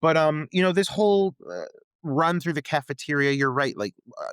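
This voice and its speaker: A man co-hosting a podcast, giving relaxed, wry commentary on a film with plenty of filler words. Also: fairly high pitch, moderate pace, smooth, no room sound. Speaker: podcast co-host. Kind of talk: casual film discussion.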